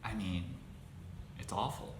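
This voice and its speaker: A man hosting his own show, talking in a casual monologue, halting and restarting his phrases with exasperation. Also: lowish voice. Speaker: podcast host. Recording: echoey room with faint noise.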